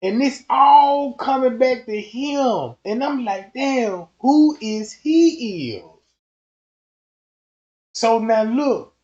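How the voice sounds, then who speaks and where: A man's voice: very high-pitched, a little mellow, muffled recording. A man hosting a casual commentary stream, slangy and emphatic, repeating himself as he builds up his points. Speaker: YouTube commentator.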